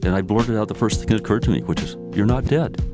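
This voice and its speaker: Low-voiced man in his sixties, hesitant. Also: racing, music in the background. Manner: hesitant, repeats words and restarts. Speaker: interviewee telling his story. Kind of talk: personal storytelling.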